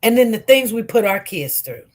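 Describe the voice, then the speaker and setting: A woman with a Detroit accent telling her own story to viewers in an animated, emphatic way, often repeating her words. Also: on the high side, normal speed. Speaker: live-stream commentator.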